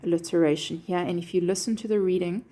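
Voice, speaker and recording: A woman's voice: fairly low pitch, steady tone, quick pace, warm tone. A woman teacher explaining a poem line by line, checking in with her students with a frequent "okay". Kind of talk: poetry lesson explanation.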